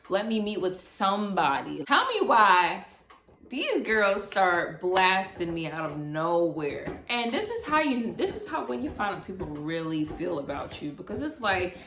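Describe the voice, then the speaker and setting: A young woman in her twenties telling a casual storytime, animated and blunt, swearing freely. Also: mid-range voice, echoey room. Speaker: vlogger.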